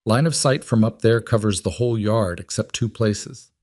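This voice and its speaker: A man voicing a steely, decisive crime boss, giving firm, measured orders in an audiobook-style story. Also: on the low side, a little mellow, dry recording, studio quality, lightly acted. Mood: commanding. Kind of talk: audiobook character voice.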